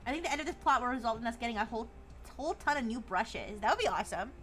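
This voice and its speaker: A woman's voice: fairly high pitch, animated, rapid-fire, a bit bright. A young woman streaming live who chats casually, giggles often, and reads viewer messages aloud before riffing on them.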